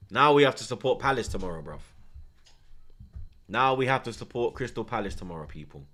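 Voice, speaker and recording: A young man giving loud, animated live reaction commentary while watching a football match, full of slang and rants. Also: lowish voice. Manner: animated, ranting, London slang.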